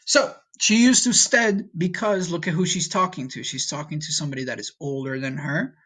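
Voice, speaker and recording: A man's voice: fairly high pitch, fairly even intonation, fairly bright tone. Patient man teaching a recorded lesson. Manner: patient, checks in with "okay?"; speaks slowly for learners to repeat. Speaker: Spanish teacher.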